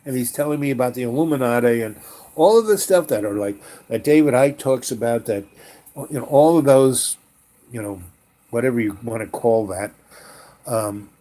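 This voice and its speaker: A man in his sixties telling a rambling personal story, full of pauses, "um"s and "you know"s, often trailing off quietly. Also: mid-range voice. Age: 60s. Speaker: storyteller host.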